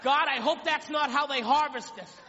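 A man's voice: very high voice, moderate pace, background noise. A man doing a stand-up comedy routine in a rambling, self-mocking storytelling manner, on stage before a live audience. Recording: lo-fi live club recording with hall echo and crowd.

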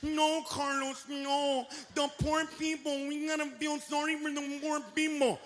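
A man voicing a whiny, softhearted adult crybaby who pleads softly and drags out his words. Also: extremely high pitch, monotone, measured pace, long reverb tail, faint music behind.

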